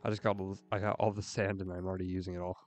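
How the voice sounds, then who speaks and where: A young man with a fairly low voice chats casually while he plays, drifting from thought to thought in an earnest, rambling way. Faint game music sits quietly behind him. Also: little pitch movement, racing. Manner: earnest, rambling, with frequent "like" fillers. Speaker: streamer.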